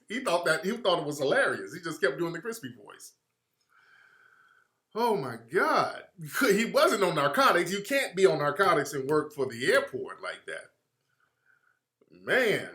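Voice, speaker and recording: Male talk show host, lively storytelling, high voice, laughs a lot, echoey room. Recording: roomy echo.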